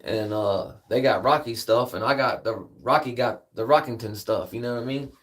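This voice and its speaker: A man's voice: mid-range voice, moderate pace, fairly bright tone. A man hosting a livestream, telling a long story casually, rambling and swearing, with "man" at the end of many sentences. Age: adult with a daughter. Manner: rambling, profane, peppers speech with "man". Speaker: livestream host.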